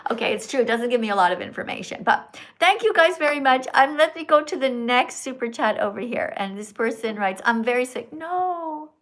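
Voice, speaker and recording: Woman livestream host, fairly high voice, animated and coaxing, speaks right to her viewers. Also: fairly quick, few pauses. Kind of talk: live-stream chat reading donations.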